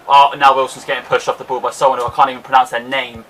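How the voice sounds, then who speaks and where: A young man with an excitable, self-mocking manner, commentating his own football video game match. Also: mid-range voice, very fast, far from the mic. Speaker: gaming YouTuber. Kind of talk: casual gameplay commentary.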